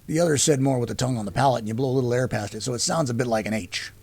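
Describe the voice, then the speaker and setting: Patient soldier brother, teaching tone, read by a male narrator, gravelly and mid-pitched. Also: very fast, darkish tone, natural voice. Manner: patient, explanatory.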